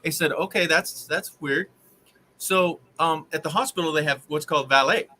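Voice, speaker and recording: A man hosting a live stream, telling a long rambling story in an exasperated, animated way. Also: on the high side, normal speed, low-quality recording. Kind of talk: casual storytelling to live viewers.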